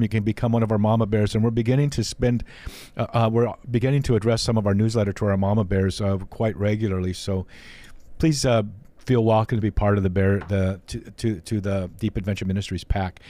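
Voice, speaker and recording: A man's voice: lowish voice, warm tone, dry recording. A man hosting a faith interview show, talking earnestly and often restarting his sentences. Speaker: podcast host.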